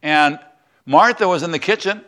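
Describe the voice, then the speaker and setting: A man's voice: on the high side, moderate pace, bright, forceful tone. An older man from the United States, a semi-retired pastor, giving a conversational Bible lesson and asking the congregation questions. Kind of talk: sermon.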